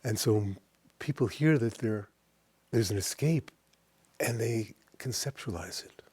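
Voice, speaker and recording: A man giving a reflective spiritual talk, reciting verse slowly and dropping to a hushed whisper at times. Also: fairly low pitch, expressive, breathy edge, dry recording. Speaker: spiritual teacher.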